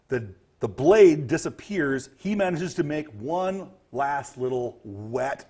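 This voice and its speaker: Male game master, slightly high, husky, very expressive delivery. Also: takes it slowly. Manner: lively, vivid scene-setting narration. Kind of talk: narrating a tabletop game.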